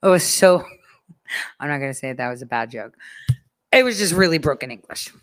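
A woman's voice: low-pitched, lively intonation, normal speed. A woman telling a story in a casual, sarcastic rant, swearing freely and acting out what others said.

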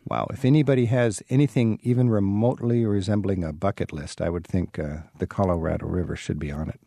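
A man's voice: low-pitched, fairly quick, vocal fry, no echo, clean studio sound. A man hosting a radio travel show, interviewing a guest and introducing segments in a conversational way. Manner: lively, conversational presenter.

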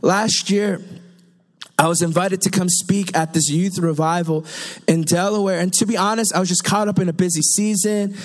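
A young man preaching a sermon, telling stories in a conversational, animated way with quick asides. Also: high voice.

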